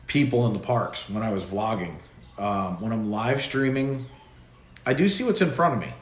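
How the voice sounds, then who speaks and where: Rambling low-voiced male stream host. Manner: rambling, loose, with many fillers and restarts. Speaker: livestream host. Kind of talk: casual livestream chat. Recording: echoey room with faint background noise.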